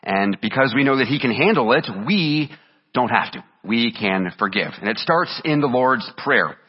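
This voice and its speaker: A man's voice: medium pitch, animated, moderate pace, breathy edge, in a large hall, lo-fi sound. A man preaching a sermon as pastor, reading scripture aloud with earnest emphasis.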